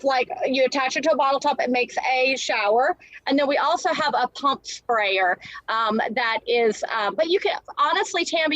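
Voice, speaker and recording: A woman guest on a live interview, talking casually and quickly about her product, with many fillers and restarts. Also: sits high, fairly bright tone, dry recording, dull audio. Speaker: guest entrepreneur.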